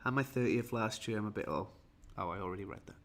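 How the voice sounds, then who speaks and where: A man's voice: fairly low pitch, fast talker, fairly bright tone. A tired, jetlagged man from Wales, rambling and self-mocking as he chats with viewers on a livestream. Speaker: livestream host. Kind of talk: casual livestream chat.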